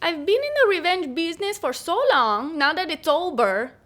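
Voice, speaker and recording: A woman's voice: very high voice, expressive, normal speed, a bit bright, voice pushed up. A woman voicing her own mother with a French Canadian accent, reciting a movie line in a playful, exaggerated way. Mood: hammy.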